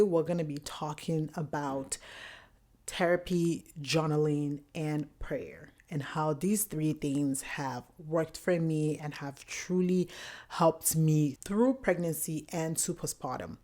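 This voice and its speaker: A young woman hosting her own podcast, telling a personal story in a candid, animated way and acting out quotes. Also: sits low. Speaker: podcast host. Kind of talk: personal solo podcast talk.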